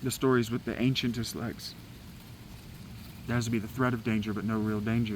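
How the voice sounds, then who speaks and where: A man with a mid-pitched voice talks in an agitated, preachy, foul-mouthed ramble. He is recorded outdoors in the woods, with faint background noise and the odd passing vehicle. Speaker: vlogger. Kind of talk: rambling spoken meditation.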